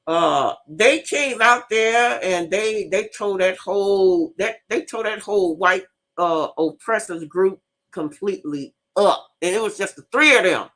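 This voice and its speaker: Speaking in a mid-range voice, a female host and teacher launches into a lively, foul-mouthed story during casual live conversation, going back over the same points as she talks.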